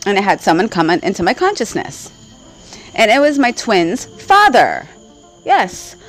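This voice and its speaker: A woman's voice: mid-range voice, a bit bright, poor audio. A woman vlogger telling a spiritual story in casual, rambling talk, often checking in with "right?" and laughing along the way. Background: faint crickets.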